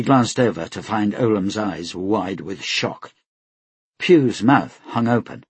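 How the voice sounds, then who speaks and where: A man narrating a novel at a steady, measured pace. His voice sits low and husky, and the recording is close and dry. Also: no room sound. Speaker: audiobook narrator. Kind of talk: scripted narration.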